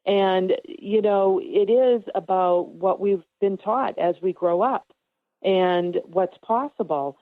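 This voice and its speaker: Calm woman medium on a phone line. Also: medium pitch, no room sound. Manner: calm, reassuring, explains slowly with fillers. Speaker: spiritual medium guest. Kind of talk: casual radio interview.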